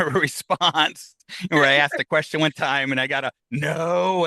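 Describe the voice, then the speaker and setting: A man's voice: on the high side, moderate pace, sharp tone, no echo. A man who investigates the paranormal, chatting casually in an interview, rambling with many restarts and fillers. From United States.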